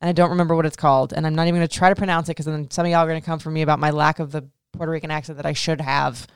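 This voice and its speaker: A woman in her thirties with a low, smooth voice talks rapid-fire in a level tone, with no room sound. She hosts a casual podcast and answers listener questions in a blunt, profane way, using "like" heavily while sounding emotional and near tears.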